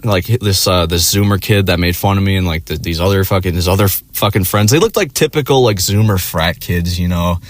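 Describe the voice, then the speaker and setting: A man's voice: deep voice, brisk, few pauses. A man telling a rambling personal story in casual, profane language, laughing along as he goes. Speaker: vlogger.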